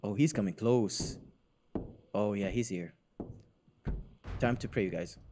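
A young man narrating a horror game as he plays, jumpy and talking to viewers, going from hushed mutters to panicked shouts, his voice getting worn. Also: lowish voice, unhurried. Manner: talks to viewers while playing. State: losing his voice. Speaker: gaming YouTuber. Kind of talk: horror game let's play commentary. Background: game music.

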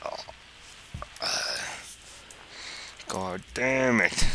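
A man's voice: mid-range voice, very animated, drawn-out words, noisy background. A man giving let's play commentary, exasperated and goofy, swearing and using silly mild oaths as he plays.

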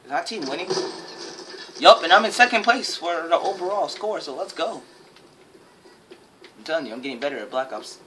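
A woman giving excitable, jokey live commentary while playing a shooter game, with sudden high yelps. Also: moderate pace, pauses often. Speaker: gaming channel host. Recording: game noise behind.

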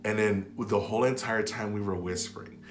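A man telling a personal story to camera in a rambling, casual way, full of "like" and restarts, sometimes dropping to a hush. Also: on the low side, fairly even intonation, a little fast. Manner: drops to a hush when retelling whispered moments. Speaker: vlogger. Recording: echoey room with faint background music.

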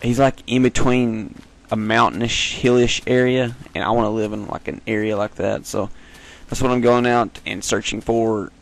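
Gamer dude rambling through his let's play, jokey and giggly, bit of a gravelly fry, mid pitched. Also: fairly even intonation, moderate pace, hardly any pauses. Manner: rambling, jokey, giggly, sudden high squeals. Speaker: gaming video host. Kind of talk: casual let's-play commentary.

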